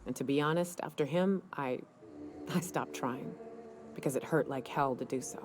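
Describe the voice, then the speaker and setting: A weary, guilt-ridden companion. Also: female voice, low-pitched, background noise. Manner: blunt, halting, world-weary. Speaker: game companion.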